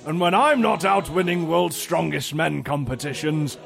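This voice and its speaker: A man doing an impression of a huge strongman, reading a loud, slow, boastful promo over music. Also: a little high, gravelly, voice pushed up. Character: booming giant strongman, slow and proud.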